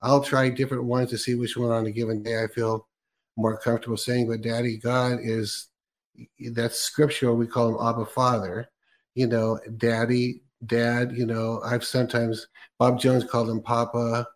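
A man's voice: medium pitch, little pitch movement, normal speed. A man hosting a casual faith interview, chatting with frequent laughs, fillers and restarts. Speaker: host.

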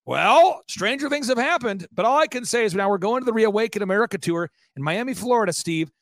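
Intense, fast-telling man, high voice. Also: animated, a bit bright, no room sound, clean studio sound. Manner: fast, intense storytelling with quoted asides. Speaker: guest. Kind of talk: excited testimony in an interview.

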